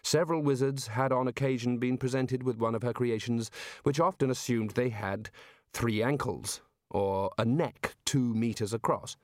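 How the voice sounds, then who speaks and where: A man narrating a comic fantasy audiobook in a measured, deadpan way. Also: medium pitch, no echo, clean studio sound.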